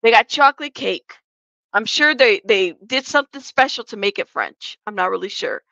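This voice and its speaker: A commentary channel host, a woman with a medium-pitched, gravelly, bright, forceful voice, speaks at a moderate pace with plenty of animation. She reads chat aloud on her live stream, chatting, joking in asides, and laughing often. The recording is dull, lo-fi, and echo-free.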